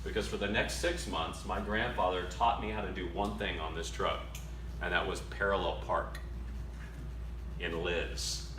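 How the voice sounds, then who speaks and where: A young man speaking to a men's ministry dinner conference, telling a personal story in an animated way and acting out other people's lines. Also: low-pitched, noisy background. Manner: animated, acts out his grandfather's lines. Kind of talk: storytelling talk to an audience. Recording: echoey hall, slightly distant mic.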